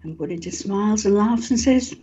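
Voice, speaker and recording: Breathy woman author, lo-fi sound. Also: medium pitch, a little fast. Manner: animated storyteller, laughs often, frequent ums. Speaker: author and guest. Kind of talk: interview talk. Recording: dull lo-fi sound.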